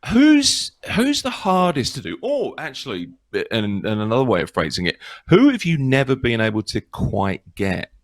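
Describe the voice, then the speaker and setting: Enthusiastic male host, very lively pitch, dry close sound. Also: moderate pace, few pauses, no room sound. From United Kingdom. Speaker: show host. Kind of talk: online interview chat.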